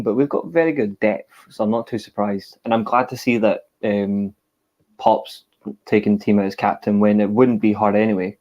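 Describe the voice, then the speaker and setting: Opinionated man, low voice. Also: noisy background. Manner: opinionated, rambling match analysis with restarts. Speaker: co-host of a football watchalong. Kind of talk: casual live-stream chat.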